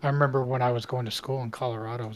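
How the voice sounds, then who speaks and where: A man's voice: medium pitch, fairly even intonation, very fast, slight background noise. Easygoing man in game voice chat. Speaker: fellow player in voice chat. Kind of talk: casual chat.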